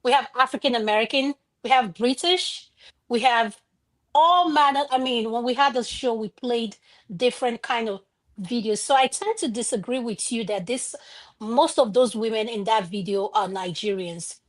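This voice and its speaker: A woman's voice: fairly high pitch, normal speed. A woman on a talk panel giving her opinions directly and firmly.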